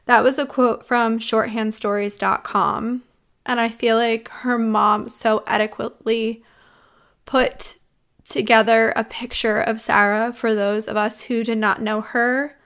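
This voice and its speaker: A young adult woman hosting a true crime podcast, speaking earnestly and reflectively with many pauses. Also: a little high, level tone, a bit bright, smooth. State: choked up with emotion. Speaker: podcast host.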